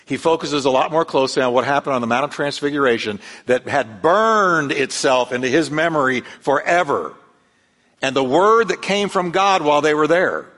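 A man preaches a sermon in a fairly high voice, building up the story and putting on the voices of the people in it. The sound rings with a long reverb from a large hall. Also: moderate pace. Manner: animated storytelling, acts out quoted voices. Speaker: pastor.

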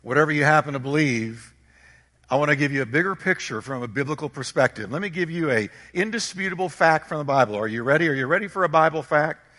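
A male pastor delivering an emphatic sermon in a high, bright, forceful voice. He hammers his points home with repetition and rhetorical questions. A long reverb trails behind him, as if in a large hall. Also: expressive, fast talker. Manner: emphatic, repeats phrases, rhetorical questions to the congregation.

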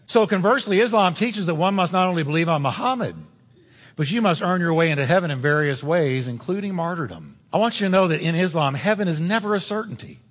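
Pastor, male, high tenor voice, emphatic sermon delivery, long echo of a church hall. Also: fairly bright tone. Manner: emphatic, insistent preaching with direct address.

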